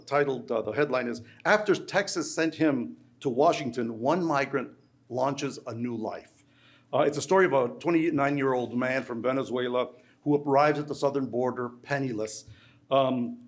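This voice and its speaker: Halting male researcher giving a lecture. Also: medium pitch. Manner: halting, with frequent restarts and repeated words. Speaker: academic researcher giving a talk.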